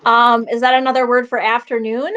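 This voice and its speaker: A woman's voice: on the high side, little pitch movement, a little fast, a bit bright, lo-fi sound. A woman guest on a podcast who answers a slang quiz with hesitant guesses and frequent ums. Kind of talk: casual interview game.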